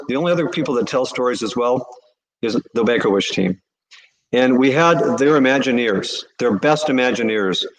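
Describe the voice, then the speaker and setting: A man, a charity CEO, answering interview questions with earnest, animated storytelling. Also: medium pitch, low-quality recording.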